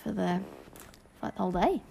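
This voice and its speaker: Animated giggly teen girl. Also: mid-range voice, vocal fry, slight background noise. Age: teens. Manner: giggly, animated, quick asides. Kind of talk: casual chat.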